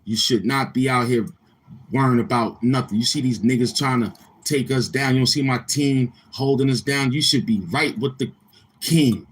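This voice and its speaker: A man's voice: medium pitch, normal speed, breathy edge. A man hosting a livestream, chatting casually with viewers in a boastful, crude, repetitive manner. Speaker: livestream host.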